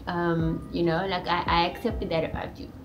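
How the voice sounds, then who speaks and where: A woman's voice: lowish voice, flat delivery, moderate pace, lo-fi sound, background noise. A woman from South Africa in casual chat, talking freely with lots of "like" and "you know" and laughing often. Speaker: co-host, partner of the channel host. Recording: background music under the voice. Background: music.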